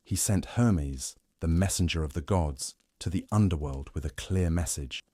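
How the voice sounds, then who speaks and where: Deep, wry man narrating a sleep story. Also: moderate pace, no room sound. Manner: wry, deadpan humor, speaking to the god as "you".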